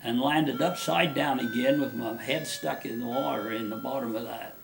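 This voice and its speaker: A man's voice: mid-range voice, moderate pace, creaky, over music. A man being interviewed, telling a personal story in a rambling, folksy way with many restarts.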